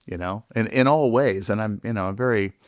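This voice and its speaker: A man guesting on a podcast, talking haltingly and searching for his words. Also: on the low side, no echo, studio quality. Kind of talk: casual podcast chat.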